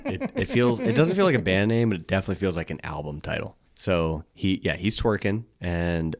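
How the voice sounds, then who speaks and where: A man's voice: low voice, very animated, fairly quick, no echo, clean studio sound. A man co-hosting a podcast in casual chat, laid-back, swearing now and then and restarting his words. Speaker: podcast co-host.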